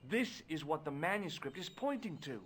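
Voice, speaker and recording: A man's voice: fairly high pitch, animated, normal speed, fairly bright tone, a little hiss or hum. An actor voicing a curious, wry young male adventurer in a video game, talking casually and inquisitively. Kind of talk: video game voice acting with narration.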